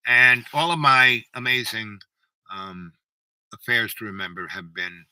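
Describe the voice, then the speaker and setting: A man's voice: lowish voice, unhurried, pushed and bright, clear, resonant tone, no room sound, rough recording. A man in his seventies telling a long story in a meandering, casual way, full of "you know" fillers. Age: 70s. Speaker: channel host.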